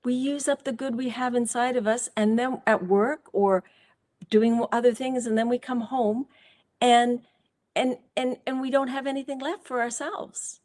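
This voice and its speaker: A woman's voice: a little high, fairly even intonation, moderate pace, a little mellow. A woman author speaking as a guest on a live interview show, candid and reflective, telling personal stories with fillers and restarts.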